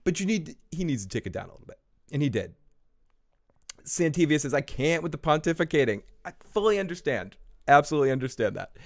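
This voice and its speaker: A man hosting a casual live review show, rambling and swearing, laughing between points. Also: medium pitch. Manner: rambling, profane, laughs often. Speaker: show host. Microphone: small recorder on the desk.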